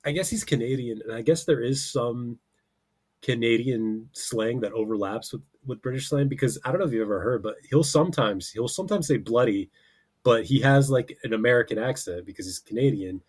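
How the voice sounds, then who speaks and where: Podcast guy rambling and cracking up, swears a lot, regular mid pitch. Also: fairly quick, slightly rough. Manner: laughs often, swears casually, rambling. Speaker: podcast co-host. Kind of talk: casual comedic chat.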